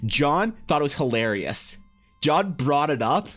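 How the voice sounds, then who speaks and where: A man streaming live, telling a story in casual talk. He swears freely, laughs often, and swings between loud bursts and low, muttered asides. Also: very animated, measured pace, faint music behind. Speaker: livestreaming artist.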